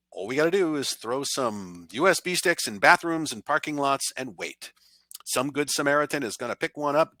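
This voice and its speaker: A man's voice: medium pitch, bright, forceful tone, no echo. A man presenting a cybersecurity awareness training in a conversational style, giving blunt, emphatic warnings.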